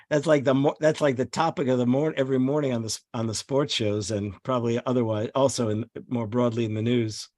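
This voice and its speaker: A man's voice: medium pitch, fairly even intonation, fast talker, hardly any pauses, darkish tone, no echo, studio quality. A man chatting as a guest on a talk show, stopping to search for words mid-sentence. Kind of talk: casual chat.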